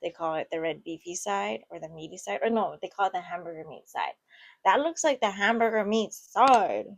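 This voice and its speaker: A woman's voice: fairly low pitch, animated, a little fast, gravelly. A woman casually reading online posts aloud and reacting to them with chatty, giggly asides. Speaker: online story reader and commentator.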